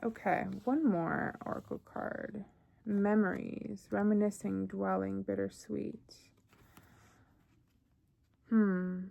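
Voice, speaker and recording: A young woman talks through a tarot reading in a loose, chatty way, thinking aloud and filling gaps with ums and likes. Her voice sits at an ordinary pitch with a gravelly fry running through it. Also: fairly even intonation, takes it slowly, pauses often, dull audio. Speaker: tarot reader.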